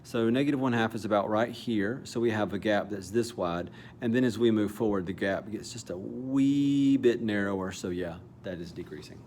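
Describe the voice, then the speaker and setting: Low-voiced man talking through calculus. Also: normal speed, few pauses, a little mellow, slight background noise. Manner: casual, self-correcting, thinking aloud. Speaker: math teacher. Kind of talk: calculus lesson walkthrough.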